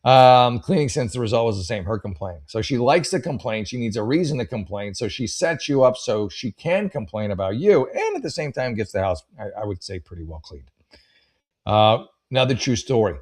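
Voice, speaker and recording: A man's voice: mid-range voice, sing-song, fairly quick, darkish tone. A man hosting a comedy show, reading letters aloud and riffing with rambling, wry asides. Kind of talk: casual comedic commentary.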